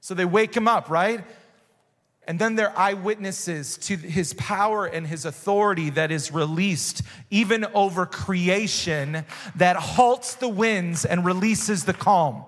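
A man with a high voice delivers a sermon, bringing the scene to life with dramatic voiced exclamations. His words ring out with a long reverb from a large church hall. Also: takes it slowly, a bit bright. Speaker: pastor.

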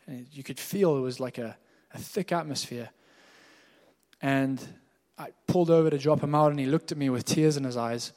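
A man's voice: medium pitch, normal speed, a little mellow. A man preaching a sermon as a pastor, telling stories in a candid, conversational way. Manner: conversational storytelling, candid and informal. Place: church hall. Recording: echoey hall.

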